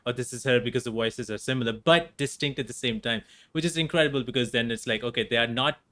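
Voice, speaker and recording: A man's voice: mid-range voice, quick pace, sharp tone. A man hosting a podcast interview, talking casually and enthusiastically, often agreeing and laughing. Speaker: podcast host.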